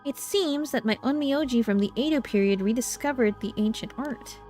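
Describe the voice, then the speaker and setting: A woman's voice: on the high side, moderate pace, darkish tone, soft background music. A woman streamer reading game dialogue aloud and reacting, easily frightened and jumpy. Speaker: streamer playing a horror visual novel.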